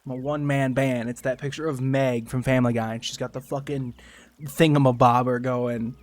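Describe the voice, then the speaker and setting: A man's voice: mid-range voice, little pitch movement, brisk, darkish tone. A man chatting casually on a gaming livestream, rambling, joking and swearing. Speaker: streamer.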